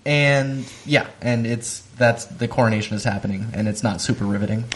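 Woman with a very deep voice. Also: moderate pace. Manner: dry, laid-back, narrating the plot. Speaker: podcast co-host. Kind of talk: casual recap chat.

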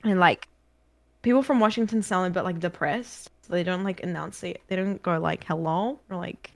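A woman's voice: fairly low pitch, normal speed, vocal fry. Chatty young woman with a New Zealand accent. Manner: chatty, playful, mimics accents. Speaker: guest streamer. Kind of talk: casual podcast chat.

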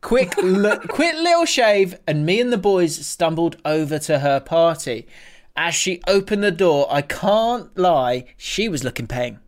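A man's voice: sits high, animated, a little slow. A man co-hosting a podcast in casual chat, reading listener messages aloud and laughing often. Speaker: podcast co-host.

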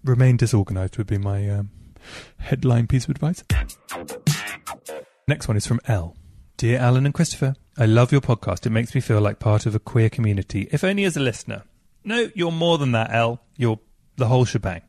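A man's voice: mid-range voice, brisk, darkish tone, dry recording, soft background music. Man, chatty host, reads emails, dry close sound. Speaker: podcast host. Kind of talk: casual podcast chat.

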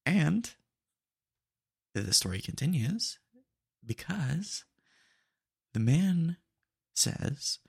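A man's voice: on the high side, very animated, extremely slow, gravelly, pauses often, breathy edge, dry recording, clean studio sound. A young man hosting a podcast, telling retail stories in a chatty, slangy way with lots of fillers. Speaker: podcast host. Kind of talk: casual storytelling monologue.

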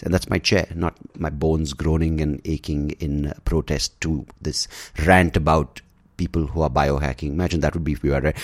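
A man's voice: a bass voice, normal speed. A man hosting a show, delivering a sarcastic, profane, casual rant. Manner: sarcastic, profane, animated ranting. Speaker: podcast host. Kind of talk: casual ranting monologue.

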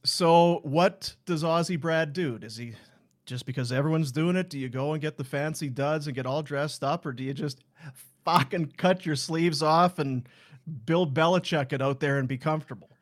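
A man's voice: fairly high pitch, moderate pace. A man hosting a sports podcast in a studio, chatting loosely and reading ad spots. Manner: loose, profane, reads live ad spots. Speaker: podcast host. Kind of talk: casual sports podcast chat.

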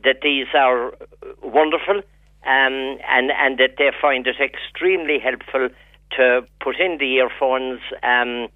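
A man, a psychotherapist, speaking as a radio guest in a relaxed, wry manner. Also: medium pitch, slow, dry recording. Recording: tinny phone line.

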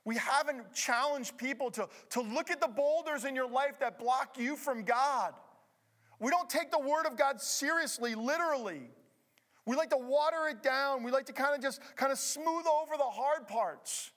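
A middle-aged man preaching with a high, reedy voice. He swings from ringing emphasis down to quiet, confiding asides, the pace speeding up and slowing down as he drives his points home. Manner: dramatic preaching with wide swings between loud emphasis and hushed asides. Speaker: pastor. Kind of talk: sermon.

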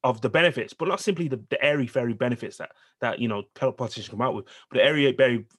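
A man with a husky, slightly rough voice at a middle pitch. He debates politics in an easygoing chat but insists on finishing his point and repeats himself to keep the floor. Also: rapid-fire. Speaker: podcast co-host.

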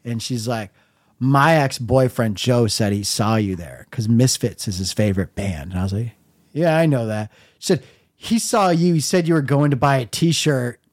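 A middle-aged man casually telling a long story on his own podcast, wry and laid-back, dropping to a low mumble when he quotes himself. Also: moderate pace, darkish tone, no room sound, studio quality. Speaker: podcast host.

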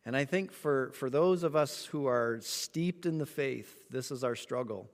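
Guy preaching, animated storyteller, mid-pitched voice, big echoey hall. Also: measured pace. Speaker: pastor. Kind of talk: sermon.

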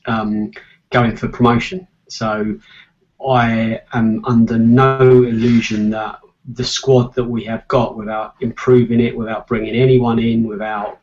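Opinionated English football podcaster, stammering restarts, mid voice, muffled lo-fi sound. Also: male voice, medium pitch, a little mellow. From England. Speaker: podcast co-host. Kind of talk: casual football chat.

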